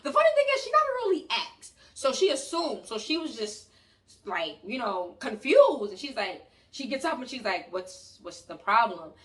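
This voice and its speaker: A woman from New York with a New York accent, telling a story in an animated, loud and slangy way and talking to her viewers. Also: sits high, moderate pace. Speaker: vlogger. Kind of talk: storytime vlog. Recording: voice a bit distant from the mic.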